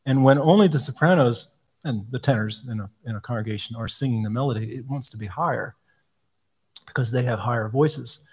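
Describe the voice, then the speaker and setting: A man's voice: medium pitch, a little fast, darkish tone, husky. Man explaining hymnal choices. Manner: thoughtful, explanatory, frequent ums, quotes hymn lines aloud. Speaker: hymnal editor answering questions. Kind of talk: live Q&A talk.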